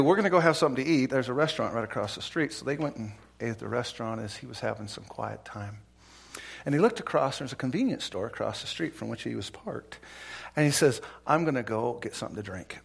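A man preaching a sermon, telling a story in a folksy, animated way and acting out the voices of its people. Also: medium pitch, gravelly. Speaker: pastor.

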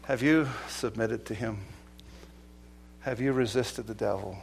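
A middle-aged male pastor preaching a sermon, swinging from loud exhortation to hushed, earnest appeals. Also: lowish voice, unhurried, gravelly, a little hiss or hum.

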